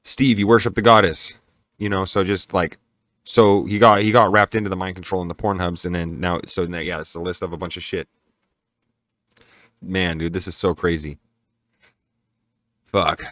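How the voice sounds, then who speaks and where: A man's voice: low voice, steady tone, normal speed, long pauses, fairly bright tone, dry recording. A young man reading an email aloud and breaking off into profane, incredulous comments. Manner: profane, incredulous asides between read passages. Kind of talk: casual reaction commentary with read-aloud passages.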